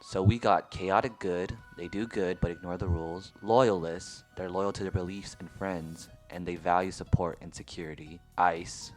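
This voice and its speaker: A man's voice: deep voice, fairly even intonation, moderate pace, hardly any pauses. A young man giving casual, self-mocking voice-over commentary on his drawings, speaking close to the mic. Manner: wry, offhand, self-mocking. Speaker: art youtuber. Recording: faint music behind.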